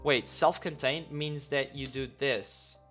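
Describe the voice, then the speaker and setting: Casual male streamer, mid-pitched, thinking out loud while coding, quick to correct himself; low music bed. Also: steady tone. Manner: talks himself through each step, reads instructions aloud, corrects himself often.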